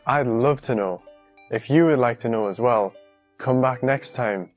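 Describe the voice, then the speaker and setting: Curious learner voice asking stuff, mid pitch, soft music behind. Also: unhurried. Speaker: learner co-host. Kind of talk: scripted lesson dialogue.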